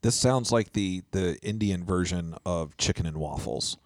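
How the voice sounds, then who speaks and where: A man co-hosting a casual interview, playful and quick to react and tease. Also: low voice, no room sound, studio quality. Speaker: co-host.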